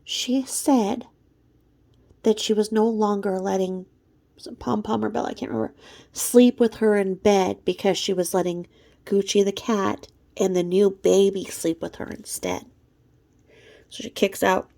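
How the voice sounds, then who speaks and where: A woman's voice: mid-range voice, steady tone, unhurried, gravelly, mellow. A woman talking in a profane, mocking gossip commentary vlog, snacking between remarks. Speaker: vlogger.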